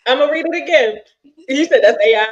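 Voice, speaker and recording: A woman's voice: high-pitched, a little fast, lo-fi sound, a loud crowd. A woman co-hosting a casual talk stream, reading comments aloud, laughing and teasing. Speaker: podcast co-host.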